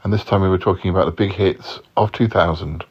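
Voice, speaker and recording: A man hosting a podcast, moving haltingly between a comedy sketch and an episode recap with many ums. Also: sits low, steady tone. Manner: hesitant, full of ums, mock-formal. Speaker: podcast host. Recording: dull lo-fi sound.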